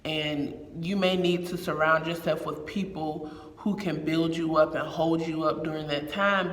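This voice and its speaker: A man's voice: a little high, gravelly, fairly bright tone, recorded from a distance. A man giving a candid, heartfelt faith reflection in casual talk, repeating phrases for emphasis. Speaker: speaker sharing a faith reflection. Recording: echoey room with long reverb.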